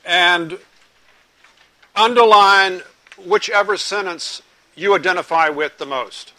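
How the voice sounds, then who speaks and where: A man preaching a sermon to a live group, asking them questions and telling a lively joke. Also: high voice, slow, no room sound, low-quality recording. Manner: animated storytelling, joke-telling.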